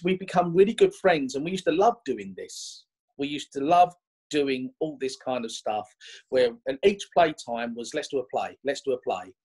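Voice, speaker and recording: A man, a magician guest telling stories in an animated, chatty way with many restarts. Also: mid-range voice, husky, low-quality recording. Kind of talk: conversational interview storytelling.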